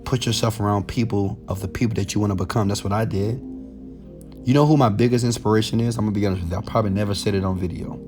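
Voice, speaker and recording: A man giving a motivational monologue straight to camera, preachy and repetitive, building from low, confiding talk to loud exhortation. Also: steady tone, fast, faint music behind. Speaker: motivational speaker.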